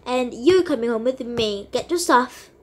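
A woman playing a snobby rich mother, scornful and high. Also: lively intonation, unhurried, a little mellow. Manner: haughty, looks down on others.

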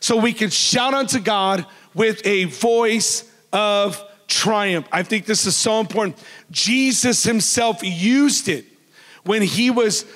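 A man preaching a sermon as pastor, loud and animated, joking with the congregation. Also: high voice, big-room sound. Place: church hall.

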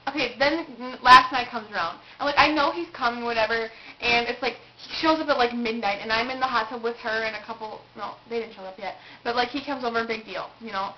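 Quick chatty young woman, dull recording. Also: a little high, a crowd in the background. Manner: chatty, blunt, interjecting, swears casually. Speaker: vlog co-host. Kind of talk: casual chat. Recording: dull home video recording with faint hiss.

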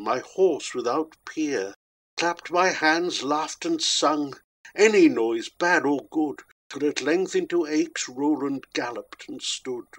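A man giving a dramatic poetry reading with a measured, rhythmic delivery. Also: on the high side, low-quality recording. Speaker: poetry reader.

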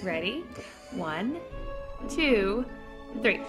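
Needy, dramatic young receptionist. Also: female voice, medium pitch, sing-song, drawn-out words. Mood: bossy. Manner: whiny, dramatic, bossy. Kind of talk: sitcom acting. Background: background music.

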